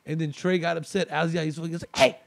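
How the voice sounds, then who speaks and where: Man, comedian guest, rambling story, fairly high voice, gravelly. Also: flat delivery, fairly quick. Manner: rambling, many restarts. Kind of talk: casual storytelling.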